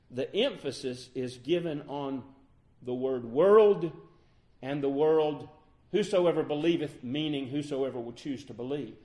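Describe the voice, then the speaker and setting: A man preaching a sermon, swinging between loud, high exclamations and slow, soft passages, stretching out key words.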